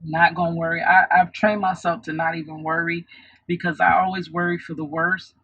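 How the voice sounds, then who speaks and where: A woman's voice: fairly low pitch, level tone, a little fast, a bit bright, slightly rough, highs cut off. A woman vlogger telling a personal story in an earnest, reflective way, often restarting her sentences.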